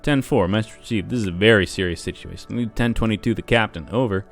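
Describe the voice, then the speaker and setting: A man voicing a gruff old male radio officer who talks in clipped relay code. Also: on the low side, quick pace, soft background music. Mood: formal. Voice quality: rattly.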